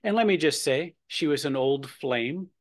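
A man's voice: a little high, lively intonation, normal speed. A man hosting and moderating a discussion over a video call, chatty and engaging. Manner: gravelly, chatty. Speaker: host.

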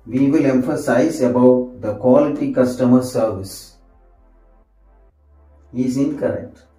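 A man's voice: medium pitch, warm tone, distant mic. A man teaching English grammar, repeating each example sentence and answering himself with "yes". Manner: slow, repetitive, says sentences over and over. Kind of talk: grammar lesson. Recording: echoey room, voice set off from the mic, faint music.

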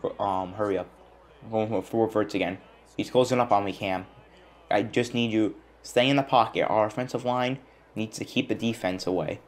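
A young man giving excited gameplay commentary as a gaming channel host, groaning and yelling at his team. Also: on the low side, moderate pace. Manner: frustrated, yelling at the game. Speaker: gaming YouTuber.

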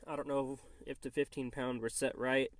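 A man's voice: mid-range voice, flat delivery, moderate pace, dry recording. A man with a stuffy, nasal voice from a cold, casually walking through a car tuning job with lots of ums and uhs. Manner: hesitant, many ums and uhs. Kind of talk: casual how-to walkthrough.

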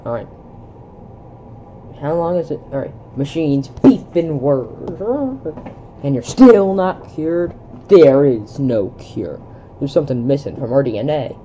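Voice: mid-range voice, mellow, muffled recording, slight background noise. A young adult casually reading a film script aloud, stumbling over words and stopping to comment in confusion. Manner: reads stage directions aloud, stumbles, breaks off to comment in bewilderment. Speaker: video creator.

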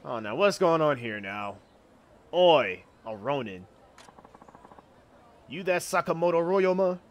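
A man voicing a gruff male samurai thug in a drawling, menacing way as he reads game subtitles aloud. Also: fairly high pitch, animated, slow.

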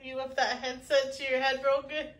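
A woman's voice: sits high, little pitch movement, brisk, a bit bright, reverberant, slight background noise. A woman heckling and teasing a man from off camera.

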